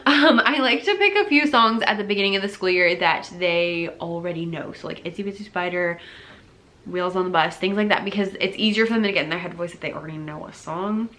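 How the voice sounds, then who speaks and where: With a pushed, bright mid-range voice, a young woman who teaches elementary music casually recounts her lessons. She plays out classroom dialogue, sometimes whispers and occasionally sings snippets.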